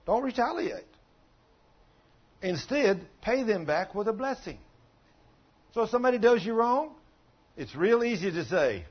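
A man's voice: sits high, very animated, unhurried, long pauses, slightly rough, lo-fi sound. A man in his late sixties preaching a sermon in a folksy, conversational way, telling stories and asking the congregation questions. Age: 60s. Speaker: pastor. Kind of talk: sermon with storytelling.

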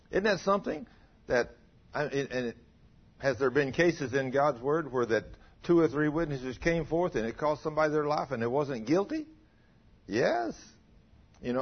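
Preacher, male, husky and animated, conversational sermon on a dull low-fi recording. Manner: conversational preaching, rhetorical questions to the congregation. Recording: dull muffled low-fidelity sound.

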